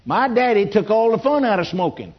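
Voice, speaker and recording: Older Southern male preacher, homespun storyteller, slightly high voice, dull lo-fi recording. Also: very animated, brisk. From Louisiana. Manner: storytelling, homespun, rising to emphatic bursts. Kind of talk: folksy testimony sermon. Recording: dull lo-fi sound.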